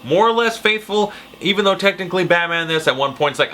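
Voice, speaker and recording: A man's voice: fairly high pitch, moderate pace, sharp tone. A man giving a casual, profane, ranting movie review. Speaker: film reviewer.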